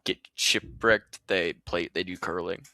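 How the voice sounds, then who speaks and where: Gravelly, bright-toned man in dry podcast chat. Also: low-pitched, steady tone, measured pace, dry recording. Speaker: podcast co-host.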